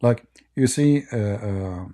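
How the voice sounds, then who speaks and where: A man hosting a live call-in discussion, explaining slowly with halting pauses. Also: on the low side, dark tone. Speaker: host of a call-in apologetics show.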